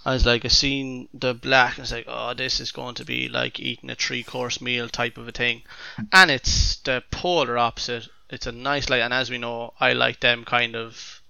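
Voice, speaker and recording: Gravelly, bright-voiced Irish man. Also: mid-range voice, normal speed, dry recording. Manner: enthusiastic, animated. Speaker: podcast co-host, beer reviewer. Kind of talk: casual chat.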